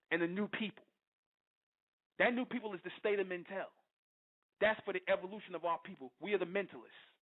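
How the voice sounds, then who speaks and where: A man hosting an internet radio show, delivering a fiery, confrontational monologue and constantly asking his listeners if they understand. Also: high-pitched. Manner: preachy and confrontational, keeps asking "you understand?". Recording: tinny phone-line audio.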